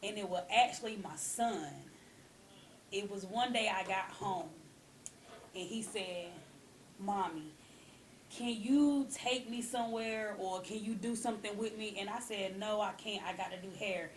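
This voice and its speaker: A woman's voice: mid-range voice, unhurried, slight background noise. A young adult woman, a hairstylist, talking candidly in a casual interview and often adding "you know what I'm saying". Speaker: hairstylist and guest.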